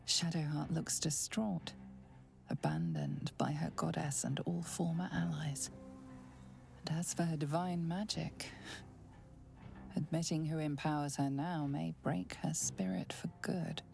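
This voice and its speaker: A woman voicing a grave female video game narrator who speaks in a hushed, half-whispered way. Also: deep voice, lively intonation, unhurried, creaky, soft background music, exaggerated voice.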